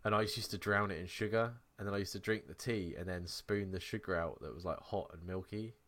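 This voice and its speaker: A lower-voiced English man chatting as a podcast co-host. He tells rambling stories with plenty of swearing and quick laughs. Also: a bit bright. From England. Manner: sweary, storytelling, laughs often. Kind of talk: casual chat.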